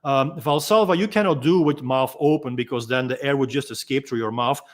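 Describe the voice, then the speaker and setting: A freediving instructor calmly explaining and demonstrating techniques in a gentle, unhurried way, pausing often with ums. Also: male voice, mid-range voice. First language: Dutch. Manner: calm, gentle explaining with frequent ums and pauses.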